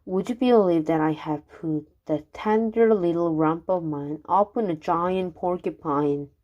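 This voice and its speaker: A woman reading rhyming children's poems aloud, unhurried, now and then stumbling and restarting a word. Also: lowish voice, dull audio. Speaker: reader.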